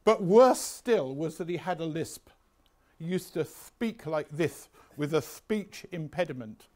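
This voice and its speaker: A man's voice: a little high, lively intonation, a little slow, darkish tone. A man in his sixties giving a revision lecture, chatty, anecdotal and self-mocking. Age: 60s.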